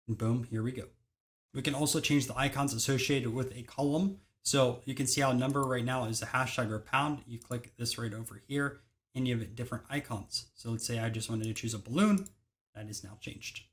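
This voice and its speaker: A young man hosting a screen-recorded software tutorial, giving brisk step-by-step instructions in casual phrasing. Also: medium pitch.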